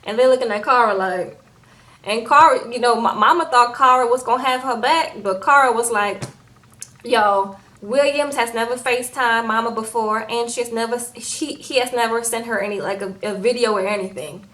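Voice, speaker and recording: A young woman chats into her camera at home, retelling a reality episode scene by scene. She fills gaps with ums and likes, and her fairly high voice jumps up whenever she acts out what people said. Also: moderate pace, a bit bright, rough recording. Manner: chatty, acts out quotes in higher voices, frequent fillers. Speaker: reality TV recap vlogger. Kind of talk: casual chat recapping an episode.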